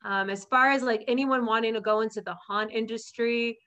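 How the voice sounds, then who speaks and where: A woman's voice: on the high side, steady tone, fairly quick, pushed and bright. A woman guest on a podcast, chatting casually and laughing often over a remote call. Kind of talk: casual interview chat. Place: at home in a fire warning zone.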